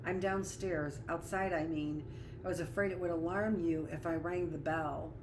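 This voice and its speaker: A woman's voice: on the low side, fairly even intonation, normal speed, background noise, natural voice. A woman reading aloud as a young woman who speaks in a hesitant, apologetic way.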